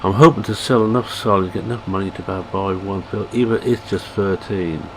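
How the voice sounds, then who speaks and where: A man's voice: low voice, fairly quick. A man with a Scottish accent giving casual, self-deprecating commentary while playing a farming game, thinking aloud as he goes. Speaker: gaming channel host. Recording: game engine and vehicle noise behind.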